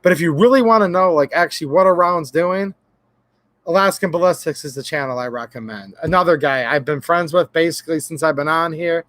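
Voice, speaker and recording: A man's voice: a little high, a little fast, a bit bright, no room sound. A man hosting a casual livestream, rambling and joking as he chats with viewers and reads out their names. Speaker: gun channel livestream host.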